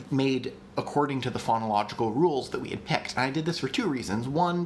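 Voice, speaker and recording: A man of middle pitch talks through a casual live-stream lesson at a desk mic. He sounds chatty and eager, full of ums and restarts. A faint hum of room ambience sits behind him. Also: a bit bright. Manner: chatty and enthusiastic, with many ums and restarts, reads chat aloud. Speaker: streamer teaching language construction.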